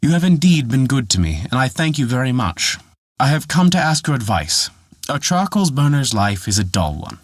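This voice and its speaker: A man's voice: medium pitch, very animated, normal speed, husky, no echo, clean studio sound, pitched above the performer's own voice. A man voicing an eager, discontented young charcoal burner who pleads for wishes.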